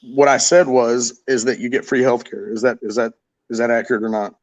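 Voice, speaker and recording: A man's voice: medium pitch, flat delivery, brisk, no echo, rough recording. A man in a heated casual podcast debate, exasperated, swearing and repeating himself. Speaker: podcast panelist.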